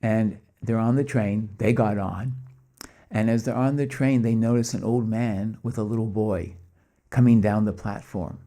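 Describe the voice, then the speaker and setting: Mellow low-voiced male storyteller. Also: unhurried. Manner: lively storyteller voicing quoted dialogue; chuckles between anecdotes. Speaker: speaker at a spiritual gathering. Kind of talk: anecdotal storytelling talk.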